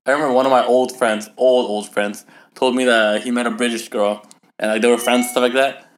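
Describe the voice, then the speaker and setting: Fast-talking young man, casual podcast. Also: medium pitch, steady tone. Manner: loose, swearing, laughs often. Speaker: podcast co-host. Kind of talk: casual chat.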